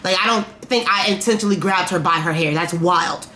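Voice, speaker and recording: Low-voiced woman telling a rambling story. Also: fairly quick, bright, forceful tone. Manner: candid and profane, rambling with many fillers. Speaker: vlogger. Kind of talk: casual storytime.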